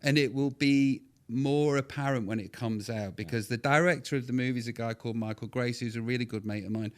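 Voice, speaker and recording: A middle-aged man, chatting as a podcast guest, rambling with quick restarts and bursts of excitement. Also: medium pitch. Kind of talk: casual podcast interview.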